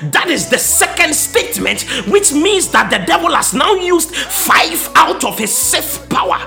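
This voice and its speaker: A man preaching a sermon with impassioned, sing-song delivery, often rising to a shout. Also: very high voice, big pitch swings, measured pace, creaky, soft background music.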